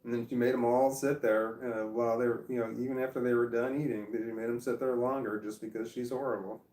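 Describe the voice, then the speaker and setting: A man's voice: medium pitch, little pitch movement, quick pace, a little mellow, recorded from a distance. Rambling, cursing man in an echoey room. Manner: rambling, profane, frequent restarts. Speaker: vlogger. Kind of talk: casual storytelling.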